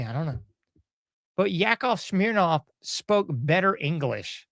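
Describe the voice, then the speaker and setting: A man's voice: high voice, vocal fry, fairly bright tone, dry recording, studio quality. A man hosting a podcast, giving a rambling, sarcastic commentary monologue with mocking asides. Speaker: podcast host.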